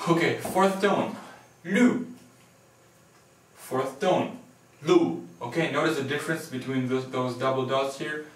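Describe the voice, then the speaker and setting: A man teaching a pronunciation lesson, drilling each syllable deliberately. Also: mid-range voice, a bit bright. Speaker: language teacher. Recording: echoey room, distant from the mic.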